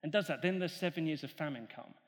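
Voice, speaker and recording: A man preaching a sermon, retelling a story in an animated way and acting out the characters' voices. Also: on the high side, fast. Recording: long hall reverb.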